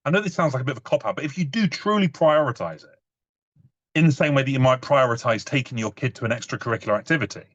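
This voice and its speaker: A man's voice: mid-range voice, expressive, fast, lo-fi sound. A British man in his thirties giving a casual talk, telling personal stories in a chatty way with many restarts. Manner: chatty, frequent "you know", stumbling restarts.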